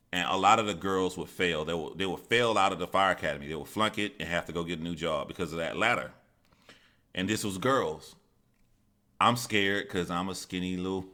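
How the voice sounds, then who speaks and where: A man's voice: deep voice, pushed and bright. A man hosting a live stream, telling stories in a casual, profane, rambling way and reading out viewer chat.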